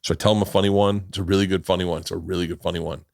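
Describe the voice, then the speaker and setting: A man's voice: low-pitched, flat delivery, rapid-fire, vocal fry, no room sound, studio quality. A middle-aged man hosting a podcast, rambling through casual stories and acting out quotes, swearing freely. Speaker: podcast host. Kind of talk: casual chat.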